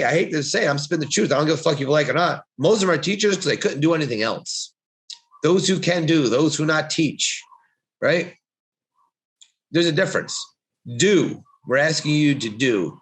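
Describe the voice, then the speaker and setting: A man's voice: a little high, expressive, a little fast. A man co-hosting a podcast, talking in a blunt, profane, preachy way as he gives motivational advice in casual chat. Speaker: podcast co-host.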